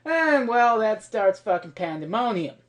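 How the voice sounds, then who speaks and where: Animated, foul-mouthed woman ranting about a movie. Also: medium pitch, a little slow. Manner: profane and exasperated, breaking into laughter; swings between loud outbursts and muttered asides. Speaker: movie reviewer. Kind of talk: ranting comedic movie review.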